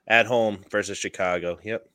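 A man hosting a casual fantasy football podcast, chatty and quick to laugh at himself. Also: on the low side, fairly even intonation, bright, forceful tone, clear, resonant tone, no echo. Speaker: podcast host.

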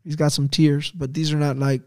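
Excited higher-voiced man telling a story. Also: no echo, studio quality. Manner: excited, quick bursts of fast talk. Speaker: missionary pastor. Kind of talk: animated personal storytelling.

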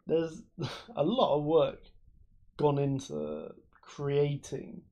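A man's voice: a little high, big pitch swings, drawn-out words, mellow. A man, co-hosting a podcast and explaining things at length in casual chat, with lots of fillers. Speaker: podcast co-host.

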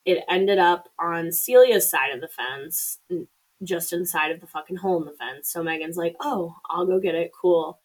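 A woman's voice: on the low side, moderate pace, low-quality recording. Chatty swearing woman recapping a film. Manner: chatty, swearing, acts out quotes. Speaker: podcast co-host. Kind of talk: casual movie recap.

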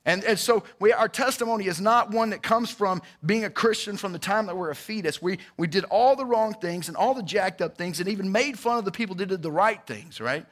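A man, giving a casual, lively testimony to a church congregation and calling out to the crowd. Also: high-pitched, brisk, few pauses. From Georgia, US. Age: 40s.

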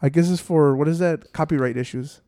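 Young man, easygoing podcast co-host, fairly high voice, dead-dry mic sound. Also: fairly quick, warm tone, no echo. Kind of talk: casual chat.

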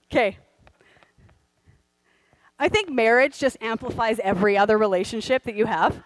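High-voiced woman preaching bluntly. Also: normal speed, no room sound, rough recording. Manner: straightforward, candid and humorous, with stretches of quieter earnest delivery. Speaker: pastor. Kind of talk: sermon.

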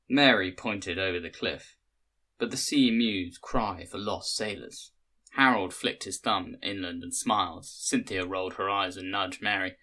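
A man with a lowish voice and a bright, forceful tone reads a literary short story. His delivery is measured and careful, in a polished scripted storytelling style. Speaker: podcast reader.

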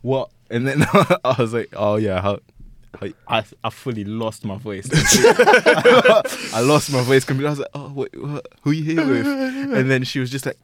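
A young man, co-hosting a casual chat podcast, telling stories with lively acted-out voices. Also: medium pitch, unhurried. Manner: animated storytelling, acts out voices, laughs often. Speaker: podcast co-host.

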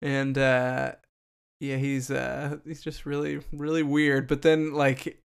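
Rambling man with a creaky voice. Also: mid-range voice, flat delivery, slow pace. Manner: rambling, many fillers and laughs. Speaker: podcast co-host. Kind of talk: casual chat about a film.

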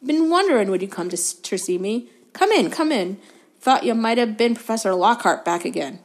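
A woman voicing a huge, gruff but kindly male gamekeeper in a storybook reading, growling as he talks. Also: on the high side, lively intonation, fairly quick.

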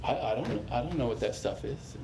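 A man voicing a bewildered thief who stammers and doesn't know why he is in heaven, in a lower, quieter voice. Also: animated, moderate pace, roomy sound, background noise, close to an everyday voice. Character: bewildered repentant thief, male adult, humble.

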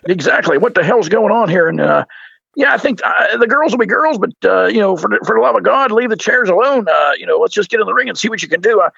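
A man commentating on a wrestling league with gruff, crass, mock-outraged podcast banter. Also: sits high, animated, quick pace, a bit bright, dry recording, lo-fi sound. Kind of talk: crude joking podcast banter.

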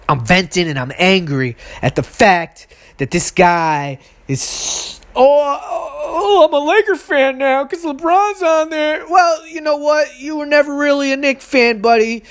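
A woman hosting her own podcast, delivering a heated, exasperated solo rant with profanity and sudden high outbursts. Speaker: podcast host. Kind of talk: solo ranting monologue.

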